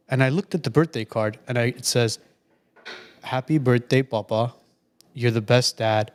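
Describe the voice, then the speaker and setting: He's a late-thirties man co-hosting a podcast, his voice medium in pitch and his speed normal. The talk is casual, full of storytelling and frequent restarts.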